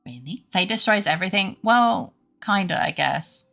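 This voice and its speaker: A woman's voice: medium pitch, lively intonation, normal speed, gravelly, a bit bright, faint music behind. A woman streamer chatting casually with her viewers, rambling and laughing often.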